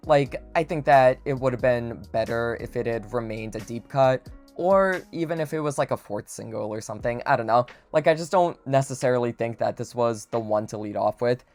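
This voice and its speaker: A man's voice: medium pitch, normal speed, a little mellow. Gushing young-sounding man ranking songs. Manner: gushing, dramatic, heavy use of "like". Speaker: music reviewer. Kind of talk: casual song-ranking vlog. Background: faint background music.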